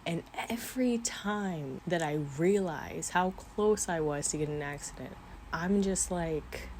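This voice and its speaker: A vlogger in her twenties talks earnestly to camera about her faith, sometimes teary-eyed and with small laughs. Her fairly low voice is a little slow and mellow. It is recorded on a camera mic with a slight hiss or hum.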